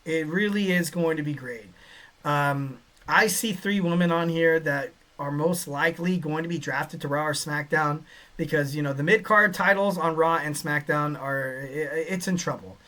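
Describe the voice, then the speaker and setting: A man hosting a casual solo podcast, rambling with lots of fillers and getting excitable. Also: on the high side, normal speed. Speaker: podcast host.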